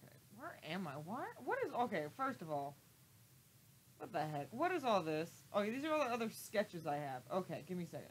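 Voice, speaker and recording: A woman chatting casually while drawing on a livestream, jokey and quick to act out quotes. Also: fairly low pitch, a little hiss or hum, low-quality recording. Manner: animated, jokey, acts out quotes in funny voices. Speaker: livestream artist drawing on stream. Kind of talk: casual chat.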